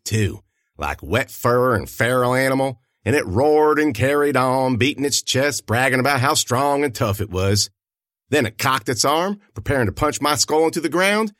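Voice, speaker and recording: Lively folksy male story narrator. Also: medium pitch, no room sound, clean studio sound. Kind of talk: first-person audio fiction narration.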